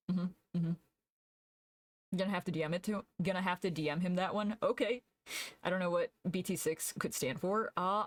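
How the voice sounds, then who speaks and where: A woman's voice: lowish voice, no room sound. A young woman streamer chatting casually while she draws, laughing often and answering her chat aloud.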